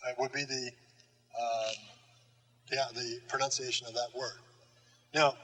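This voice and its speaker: An older man giving a recorded Greek grammar lecture, slow and deliberate, with frequent "uh" fillers and repeated key terms. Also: medium pitch, a bit bright, poor audio. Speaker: Greek teacher.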